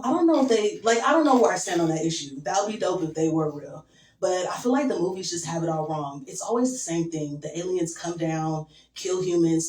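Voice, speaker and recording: A young woman doing a stand-up set, crude and deadpan, with lots of "um" and "like". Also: on the low side. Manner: crude, deadpan, filler-heavy. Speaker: stand-up comedian. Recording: echoey room from far off.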